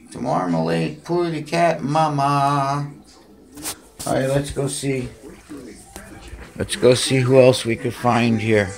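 A man filming at home, cooing to his cats in high baby talk with chatty asides, recorded on a handheld phone. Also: gravelly. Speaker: cat owner filming his pets. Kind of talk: casual home video, talking to cats. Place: home bathroom, indoors.

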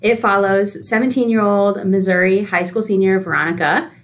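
A woman's voice: medium pitch, normal speed. A young woman co-hosting a podcast, animatedly retelling a movie plot and acting out the characters' lines in casual chat. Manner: animated storyteller, acts out characters' quoted lines. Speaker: podcast co-host. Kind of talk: casual chat recapping a film.

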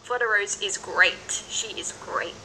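A woman voice actor rambling excitedly and dramatically between recording takes. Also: mid-range voice, unhurried, a little hiss or hum, rough recording. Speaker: amateur voice actor. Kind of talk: recording session outtakes.

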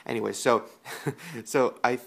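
A man talks straight to camera like he's catching up with friends, telling a story with lively energy and frequent swearing. His voice sits at a middle pitch with a gravelly, creaky texture. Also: unhurried. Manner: animated, profane, laughing storyteller. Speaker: vlogger.

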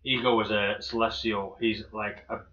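A man's voice: fairly low pitch, level tone, moderate pace, a loud crowd. A man co-hosting a casual film podcast, rambling with lots of fillers and restarts and swearing freely. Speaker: podcast co-host. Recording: dull lo-fi podcast audio.

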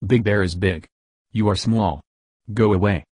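A man voicing a stern storybook mother bear who turns callers away in a flat, firm way. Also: fairly low pitch, a little slow, husky, no room sound, clean studio sound.

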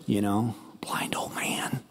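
A man's voice: mid-range voice, moderate pace, warm tone, breathy edge, big-room sound. A man voicing a scheming mother who gives bossy, conspiratorial orders.

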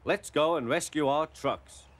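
A man voicing calm, amused male engine drivers, low and reassuring. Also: a little slow, background noise, lightly acted.

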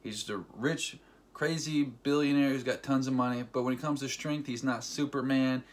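A man recapping a movie for his vlog in a loose, rambling way, full of fillers. He acts out the scenes with bursts of sound effects. His voice sits at an ordinary middle pitch for a man. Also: normal speed. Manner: animated storyteller with sound effects. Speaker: movie fan vlogger. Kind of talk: casual excited movie recap.

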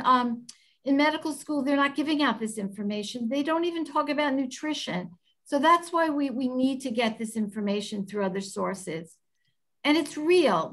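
High-voiced, effusive woman chef lecturing. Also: fairly bright tone, poor audio. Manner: earnest, effusive, with many "um"s. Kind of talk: online nutrition lecture.

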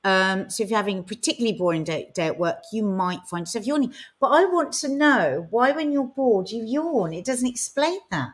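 A woman co-hosting a podcast in casual chat, chatty and quick to laugh, reading out viewer comments. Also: medium pitch, expressive. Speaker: podcast co-host.

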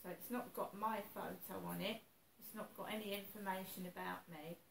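A woman talks to her camera in a worried, halting way and circles back over the same points. She sounds a little far from the mic, and the room around her is echoey with faint background noise. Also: medium pitch, steady tone, creaky, a bit bright. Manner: worried, repeats herself, hesitant. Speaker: vlogger. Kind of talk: anxious personal vlog.

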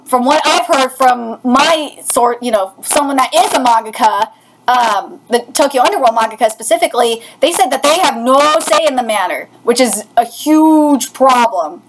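A woman streaming a live manga reaction, excitable and outspoken, given to shouting and swearing. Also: sits high. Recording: loud background hiss.

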